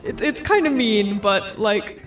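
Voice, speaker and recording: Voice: medium pitch, expressive, unhurried, a bit bright, roomy sound. A co-player chatting casually while gaming, laid-back and giggly with short reactions. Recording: distant mic with faint music.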